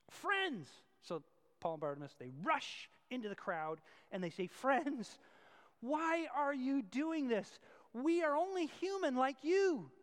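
Animated high-voiced male pastor preaching. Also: long reverb tail. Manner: animated, shifts between loud emphasis and quiet asides. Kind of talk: sermon.

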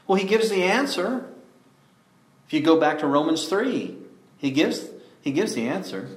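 A man preaching a sermon, emphatic, often asking rhetorical questions and slowing down to stress key words. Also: fairly high pitch, sing-song, echoey room.

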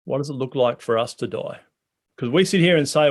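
A man's voice: medium pitch, brisk. A man preaching a sermon in a conversational way, asking the congregation many questions. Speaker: pastor.

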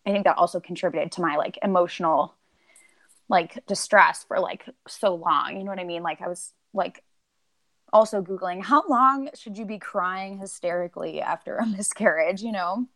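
With a lowish, slightly bright voice at normal speed, a woman rambles casually as a podcast guest. She leans heavily on "like" and "um" and acts out things she once said.

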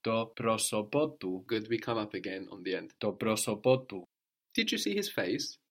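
A man with a fairly low voice gives a patient language lesson. He explains step by step and keeps checking in with a questioning "no?" as he goes. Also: big pitch swings, normal speed. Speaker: language teacher.

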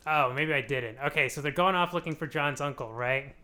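A young man recapping a show on a comedy podcast in a loose, rambling way. He laughs often and drops into quick voices for the characters. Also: a little high, bright, forceful tone. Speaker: podcast host explaining a TV show.

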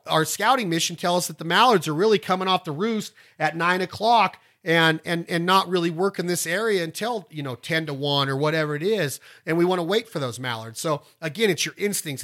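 A middle-aged man, hosting a casual instructional talk in a folksy, rambling way. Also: high voice. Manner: folksy and rambling, breaks into loud duck calls. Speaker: podcast host and duck calling instructor.

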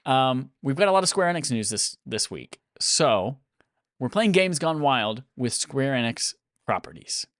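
Seorang pria membawakan kuis dalam obrolan podcast santai, sering tertawa dengan gaya yang hidup. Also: male voice, medium pitch, unhurried, no echo, studio quality. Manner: lively, laughs often, animated delivery. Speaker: podcast host. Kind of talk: casual podcast chat, running a quiz game.

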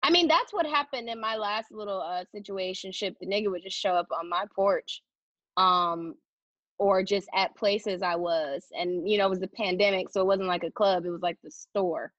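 A woman's voice: mid-range voice, moderate pace, fairly bright tone, no echo. Woman, podcast co-host, laid-back blunt drawl, dry close sound, dull lo-fi. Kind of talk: casual podcast chat.

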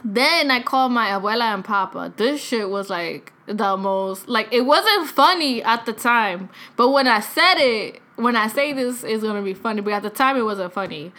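A woman's voice: fairly high pitch, animated, moderate pace, few pauses, bright, forceful tone. A young woman in her twenties telling a rambling story in casual chat, full of filler words and swearing. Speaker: vlogger.

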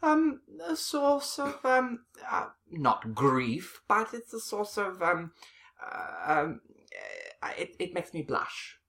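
Woman doing a snooty posh man, affected accent, deep lively voice, fussy halting delivery. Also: heavily acted. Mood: flustered. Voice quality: fussy, hesitant, drawn-out pauses. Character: pompous posh male opera snob. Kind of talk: improvised comedy sketch.

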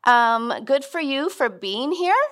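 A woman's voice: high voice, lively intonation, slow pace, fairly bright tone. A middle-aged woman giving a sermon as guest speaker, conversational and earnest with frequent restarts.

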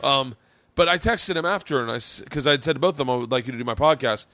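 A comedian hosting a podcast, talking in a rambling, halting, profane way. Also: male voice, mid-range voice, sharp tone, no room sound. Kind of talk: casual podcast chat.

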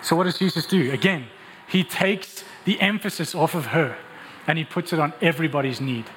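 A man preaching a sermon, telling the story in an animated, emphatic way. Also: a little high, a little fast, big-room sound, a little hiss or hum, poor audio. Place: church hall.

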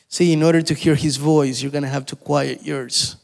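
A man's voice: fairly high pitch, fairly even intonation, moderate pace, vocal fry, hardly any pauses, darkish tone, big-room sound. A man preaching a sermon, repeating his points with emphasis and asking his listeners questions. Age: adult.

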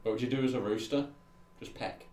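A man's voice: mid-range voice, fairly even intonation, brisk, darkish tone, roomy sound, slight background noise. A young man hosting a casual podcast, joking and laughing often as he poses questions. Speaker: podcast host. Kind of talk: casual banter.

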